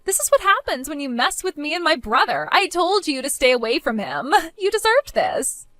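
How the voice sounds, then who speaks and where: A woman's voice: sits high, very animated, brisk, fairly bright tone, no room sound. A woman as a spiteful, mocking young sister. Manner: mocking, whiny, pleading. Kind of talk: amateur voice drama.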